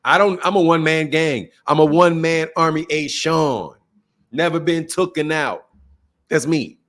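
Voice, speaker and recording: Male stream host, slightly high voice, brash and profane, loose chatty delivery. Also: moderate pace, a bit bright. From United States. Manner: swears freely, boastful and joking. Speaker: boxing channel host. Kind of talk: casual live-stream chat.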